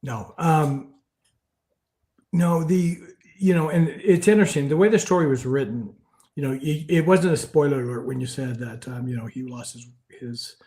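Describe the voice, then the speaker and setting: An older man telling a story during an interview, in a medium-pitched voice. He talks in an animated way, then goes hushed and quiet when the story turns serious. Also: normal speed. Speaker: author being interviewed. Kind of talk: conversational storytelling.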